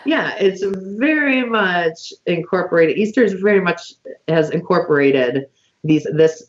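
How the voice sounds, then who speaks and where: A woman hosting a casual online conversation, listing items slowly with many fillers over a video call. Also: lowish voice, lively intonation, dull audio. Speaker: podcast host.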